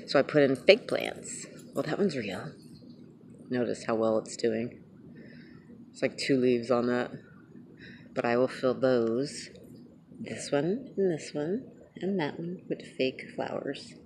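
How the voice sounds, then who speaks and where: A woman vlogging casually outdoors at night, chatting in a rambling, sometimes hushed way. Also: extremely low pitch, takes it slowly, long pauses, background noise. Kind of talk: casual chat.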